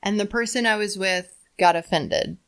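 A woman comedian on a casual podcast, telling candid stories with animated quoted asides. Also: mid-range voice, normal speed. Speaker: comedian guest.

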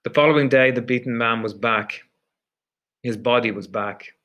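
Male narrator with an average pitch and a measured, deliberate delivery, for an audiobook reading. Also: a bit bright.

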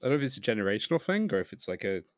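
A man's voice: lowish voice, big pitch swings, racing, no echo, clean studio sound. A young man co-hosting a podcast, rambling casually over an online call with plenty of "like" and easy laughter. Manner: rambling, lots of "like", laughs easily. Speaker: podcast co-host. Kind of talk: casual chat.

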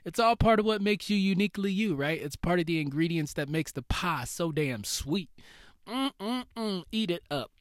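A man's voice: a little high, a little fast, few pauses, no echo, studio quality. A man hosting a motivational solo podcast, talking in a casual, slangy way and calling his listeners "baby". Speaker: podcast host.

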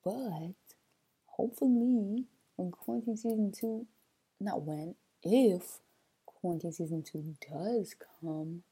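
Young woman, solo podcast host, mellow husky voice, loose playful chat, a bit sleepy. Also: mid-range voice, slow pace. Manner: chatty, loose, playful asides. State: sleepy, early morning.

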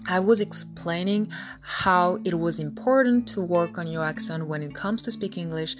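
Lively French woman teaching pronunciation. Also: fairly low pitch, over music. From France. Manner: upbeat, repeats example words slowly for the listener. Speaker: English language coach. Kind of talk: podcast pronunciation lesson.

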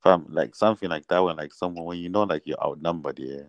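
Young man, low-pitched podcast co-host, halting filler-heavy delivery. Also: no room sound, dull audio. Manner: hesitant, filler-heavy, keeps saying fam. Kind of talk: casual chat.

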